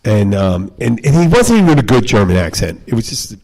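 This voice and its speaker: Low-voiced man telling profane bar stories. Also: huge pitch swings, brisk, darkish tone. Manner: profane, rambling anecdotes with acted quotes. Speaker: podcast host, bartender. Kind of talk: casual bar-side storytelling.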